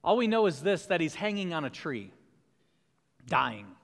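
Guy preaching a sermon, pretty high voice, earnest and questioning, long echo like a church hall. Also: big pitch swings, moderate pace, creaky. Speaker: pastor.

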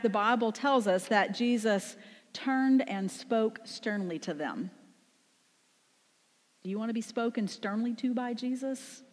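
A woman's voice: mid-range voice, a little mellow. Woman pastor, conversational sermon, mid-range voice, long room reverb. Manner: conversational preaching with rhetorical questions.

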